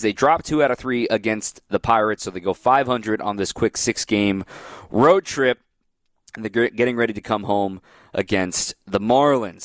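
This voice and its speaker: A man's voice: lowish voice, no echo. A male sports radio host talks straight into a studio mic, reading off standings and talking through upcoming series. His voice rises and falls with enthusiasm. The sound is dry and close, with no room around it. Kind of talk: post-game radio talk show.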